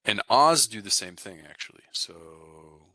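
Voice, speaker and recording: A man with a very low voice explains pronunciation to his class, steady and easygoing. His tone is strikingly bright and forceful, and it is recorded dry and close, with no room sound around it. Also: measured pace, dry recording. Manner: relaxed, explanatory, frequent "right?" and "okay?" check-ins. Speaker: Russian language teacher.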